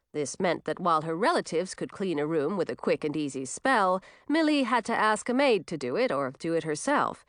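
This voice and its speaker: Woman narrator, storybook reading, animated, very lively pitch, dry close sound. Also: no echo.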